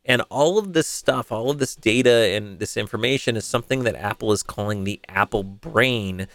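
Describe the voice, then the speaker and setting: A man hosting a solo tech news podcast, chatty and conversational, with fillers and quick self-corrections. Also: lowish voice, fairly bright tone. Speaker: podcast host.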